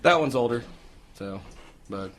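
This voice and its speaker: A man who plays in a band, a guest on a radio show in the station studio, talking in a halting way full of fillers. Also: mid-range voice, animated, a bit bright, a little hiss or hum. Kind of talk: casual radio chat.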